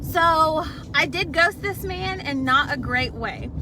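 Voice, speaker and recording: A woman's voice: sits high, slow pace. A young woman telling a casual, profane storytime to her viewers from her car, talking in a chatty way and calling them y'all. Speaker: vlogger. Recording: noisy car recording.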